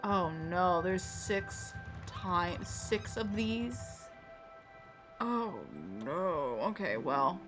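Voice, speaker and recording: A woman's voice: on the low side, lively intonation, drawn-out words. A woman streaming a game live, chatting with viewers in a playful, rambling, self-deprecating way. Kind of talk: casual live gameplay commentary. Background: game music.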